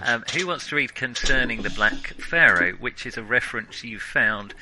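A man's voice: medium pitch, animated, normal speed, a crowd in the background, poor audio. A man running a tabletop horror game as game master, talking casually with lots of ums and restarts. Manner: casual, hesitant with fillers.

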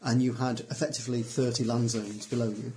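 A man's voice: medium pitch, fairly even intonation, brisk, a little mellow, slight background noise. A man running a tabletop role-playing game as game master, narrating scenes and explaining rules with hesitant fillers.

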